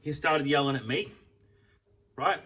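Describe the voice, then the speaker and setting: A young Australian man venting in a heated, profane rant for his vlog. His voice is bright and forceful. He sounds a little away from the mic. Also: fairly high pitch, a little slow, distant mic. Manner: heated, swears a lot. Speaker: vlogger.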